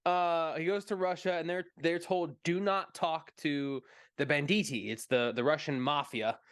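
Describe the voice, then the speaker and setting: A man on a casual movie stream tells a story with lots of energy, slipping into the voices of the people in it and laughing as he goes. His voice sits a bit high for a man, and the sound is dry and close. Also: normal speed, smooth, dry recording. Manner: animated storyteller, acts out quotes, laughs often. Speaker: podcast co-host. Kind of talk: casual movie chat, retelling a comedian's story.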